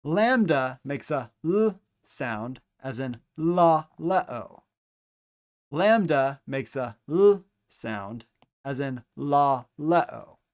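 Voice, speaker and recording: A man teaching Greek pronunciation, speaking deliberately and repeating each letter and example word for the listener. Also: mid-range voice, lively intonation. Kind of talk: slow instructional pronunciation lesson.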